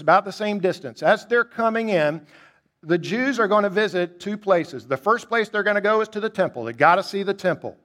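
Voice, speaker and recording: A man preaching a sermon, emphatic and asking rhetorical questions, climbing high on key points and dropping low and quiet to reflect.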